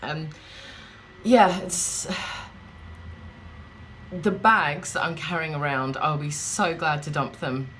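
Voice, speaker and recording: A woman's voice: low-pitched, fairly bright tone, slight background noise. A woman chatting in a rambling, wry way, vlogging from a hotel room. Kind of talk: casual vlog chat.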